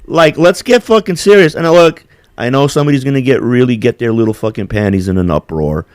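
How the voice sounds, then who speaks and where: Profane, animated New man. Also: mid-range voice, quick pace, dry recording, clean studio sound. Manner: profane, rambling, animated with put-on quotes. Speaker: podcast host. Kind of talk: casual chat.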